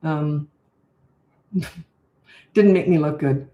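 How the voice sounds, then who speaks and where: A woman's voice: low-pitched, very slow, dark tone, dull audio. A Canadian woman in her sixties, a parenting coach who answers viewer questions and drifts into long laughing stories in easy, casual chat. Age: 60s. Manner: chatty, laughing storyteller who drifts off topic. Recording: roomy echo.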